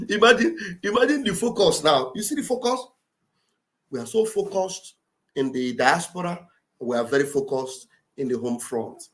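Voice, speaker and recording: A woman's voice: lowish voice, animated, a little slow. Fiery Nigerian Igbo woman host. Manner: fiery and rhetorical, rising to shouts, keeps asking "eh?". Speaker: livestream host. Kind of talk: impassioned political commentary.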